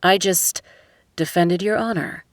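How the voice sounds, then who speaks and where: A woman voicing a guarded young billionaire man who speaks softly and intimately. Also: fairly low pitch, measured pace, dry recording, clean studio sound, natural voice. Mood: tender.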